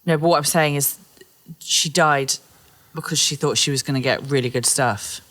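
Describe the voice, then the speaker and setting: A woman co-hosting a comedy podcast, telling animated stories, swearing freely and acting out other people in exaggerated voices. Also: deep voice, moderate pace. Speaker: podcast co-host. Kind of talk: casual comedic chat.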